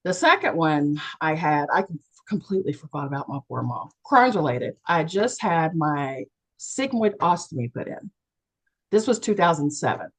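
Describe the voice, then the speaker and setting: A woman from West Virginia tells her own story on a video call, with a husky, fairly low voice. She is lively and expressive, and her pitch swings widely. She acts out the people in her story with sudden jumps in voice. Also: moderate pace, poor audio. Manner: animated, acts out quoted people with big jumps in voice. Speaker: panelist and co-author sharing a near-death experience. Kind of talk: candid personal storytelling.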